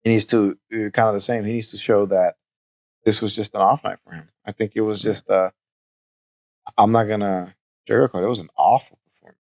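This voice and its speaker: A man co-hosting a podcast, giving a candid fight recap in a measured way with frequent hesitations. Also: on the low side, fairly even intonation, a little mellow. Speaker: podcast co-host. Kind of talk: casual fight recap chat.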